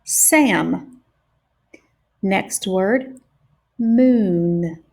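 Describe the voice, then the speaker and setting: A woman teacher leading a phonics lesson for young children, sounding out each word slowly and clearly. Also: medium pitch, a little mellow. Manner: slow and deliberate, stretching out each sound.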